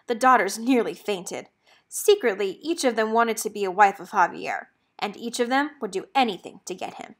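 A woman reading a children's picture book aloud, telling the story clearly and expressively and dropping in Spanish words. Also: medium pitch, moderate pace. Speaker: read-aloud host.

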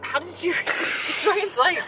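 A woman's voice: very high voice, animated, takes it slowly. A middle-aged woman, the vlogger's mother, joking around in casual chat. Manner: playful, joking. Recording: crowd and noise behind.

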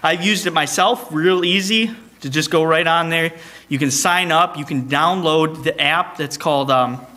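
A man leading a church service with a high voice and a sharp, very bright tone. He makes the announcements in a playful, teasing manner, tossing off quick joking asides to the congregation. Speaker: song leader and service host. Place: church sanctuary, streamed online.

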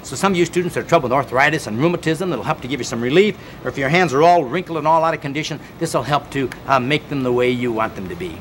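A man's voice: fairly high pitch, quick pace, few pauses, noisy background. A man hosting a televised home exercise show, counting reps energetically and speaking earnestly and directly to the viewer. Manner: energetic counting and coaxing commands. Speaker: fitness show host.

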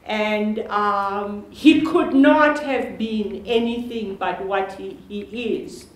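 Older South African woman in an echoey hall. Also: medium pitch. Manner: chatty and joking, often laughing, with halting restarts. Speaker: panel speaker, sister of the honoree. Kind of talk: informal public talk at a lecture panel. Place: university lecture hall. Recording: echoey hall with faint noise.

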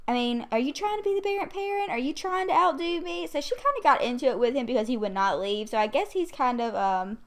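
A woman chatting through a life-sim game in a loose, running commentary, her voice sitting a little high. She rambles and grumbles at the game, easily annoyed and quick to swear. The sound is a close home desk mic. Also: expressive. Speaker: gaming video creator. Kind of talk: casual gameplay commentary. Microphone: USB condenser desk mic.

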